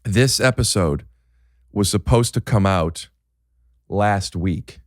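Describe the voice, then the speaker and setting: Guy hosting a podcast, kinda low voice, rambly jokey chat, dry close sound. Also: no room sound. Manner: rambling, joking, halting with many fillers. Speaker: podcast host. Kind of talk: casual chat.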